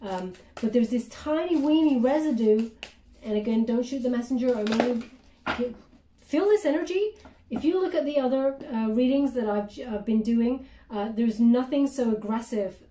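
A woman doing a chatty tarot reading with many fillers, now and then dropping into soft murmured prayers. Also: on the high side, normal speed, a little hiss or hum. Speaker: tarot reader. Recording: roomy, distant from the mic.

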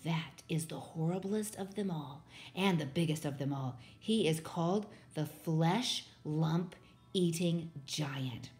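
A woman doing a soft-spoken nervous big friendly giant. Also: deep voice. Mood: nervous hush. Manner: slow, soft and hushed. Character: big gentle male giant, nervous, mangled grammar.

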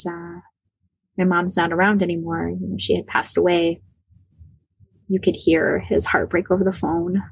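A woman in her forties from the Midwest of the United States, telling a personal story as a podcast guest, animated and laughing often. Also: lowish voice, breathy edge, no room sound. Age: 40s. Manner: animated, laughs often, acts out quoted dialogue.

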